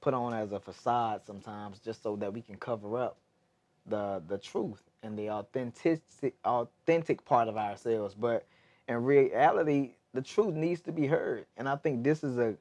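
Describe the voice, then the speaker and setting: A man's voice: mid-range voice, a little mellow. A man interviewing a guest, attentive and affirming, then reflecting thoughtfully on what he has heard. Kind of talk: interview, encouraging listening.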